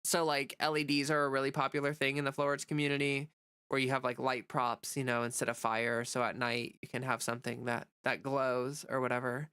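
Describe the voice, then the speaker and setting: A woman's voice: rumbling low, little pitch movement, fairly quick, a bit bright, smooth. A woman with a stuffy, nasal voice from a cold, rambling in casual livestream chat and reading viewer comments. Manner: rambling, chatty, many fillers. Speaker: livestreamer and content creator.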